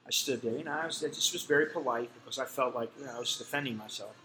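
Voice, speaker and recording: A man's voice: mid-range voice, racing, pushed and bright, soft background music, rough recording. A middle-aged man telling a personal story in a casual, blunt and profane way, full of fillers. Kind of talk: casual spoken anecdote.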